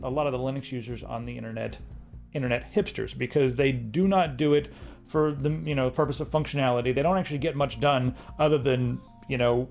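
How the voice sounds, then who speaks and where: A man's voice: mid-range voice, a little mellow. A man co-hosting a casual tech discussion, ranting and critical, with frequent restarts. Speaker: co-host.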